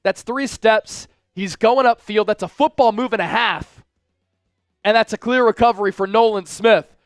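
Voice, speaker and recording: Male fan livestream host, high gravelly voice, excitable, shouts at big plays, faint music behind. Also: moderate pace, no echo. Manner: chats directly with viewers. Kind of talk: live watch-along commentary.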